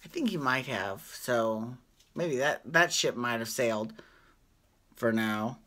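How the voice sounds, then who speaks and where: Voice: mid-range voice, expressive, slow, a bit bright. A host recapping a reality show in a casual, gossipy vlog, chatting and laughing along. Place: home at night.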